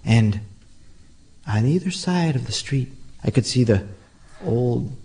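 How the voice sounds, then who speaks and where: A man's voice: medium pitch, expressive, slow pace, mellow, slight background noise. A man performing a spooky childhood story aloud with dramatic, suspense-building delivery.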